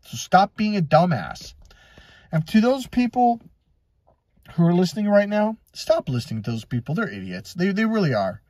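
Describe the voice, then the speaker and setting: A man's voice: high voice, very animated, fairly quick, mellow, dry recording, clean studio sound. A man coaching listeners in a casual motivational monologue, blunt and profane, telling stories and acting out the dialogue. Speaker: life and relationship coach.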